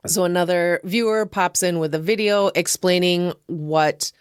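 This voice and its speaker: A woman's voice: lowish voice, steady tone, unhurried, smooth, no room sound, clean studio sound. A woman hosting a casual film review podcast, chatty and profane, laughing often as she talks. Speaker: podcast host.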